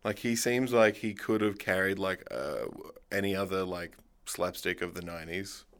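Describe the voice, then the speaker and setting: A man's voice: low voice, fairly even intonation, moderate pace, a bit bright. A man in casual conversation about a movie, hedging and laughing as he goes.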